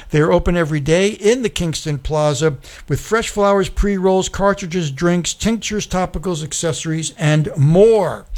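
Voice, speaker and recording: A man hosting a radio talk show, reading sponsor spots in a loose, chatty way with lots of ums and uhs. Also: high voice.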